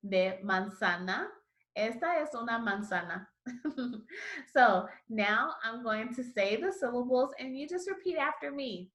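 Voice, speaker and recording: Slow-talking woman teaching Spanish, roomy sound. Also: a little high, expressive, fairly bright tone, dull audio. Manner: slow, encouraging, models syllables for repetition. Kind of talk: online language lesson.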